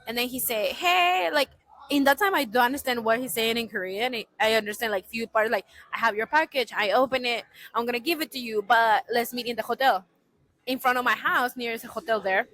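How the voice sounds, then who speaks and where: A woman in her thirties, a podcast guest, telling a funny story in casual, animated talk with non-native English grammar, laughing often and repeating herself. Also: a little high, fairly quick, rough recording.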